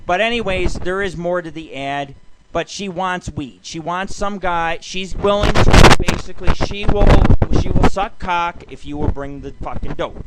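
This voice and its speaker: A man's voice: sits high, fairly even intonation, unhurried. A man hosting a late-night internet radio show, ranting in a loose, profane, rambling way and telling crude jokes. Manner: loose, jokey storytelling. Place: show based in Las Vegas. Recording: loud constant background noise.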